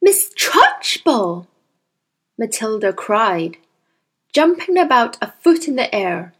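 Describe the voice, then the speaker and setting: A woman reading a children's novel aloud in a calm, clear narrating manner. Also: a little high, measured pace. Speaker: storyteller.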